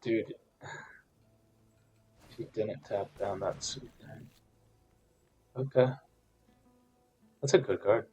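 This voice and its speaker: A man giving casual commentary over a card game match, frustrated, swinging between loud complaints and quiet muttered counting. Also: fairly low pitch, slow pace, long pauses, music in the background.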